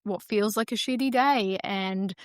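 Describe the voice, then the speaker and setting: Woman podcasting solo, smooth clear voice, dry close sound, rambles thoughtfully. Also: medium pitch, measured pace, no echo. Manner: reflective and meandering, with frequent fillers. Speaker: podcast host.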